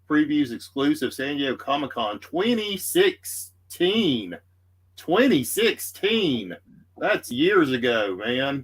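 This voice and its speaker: A man with a Southern US accent hosting a live comic book auction, easygoing and rambling with many fillers. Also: medium pitch. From Texas. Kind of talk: live-stream sales patter.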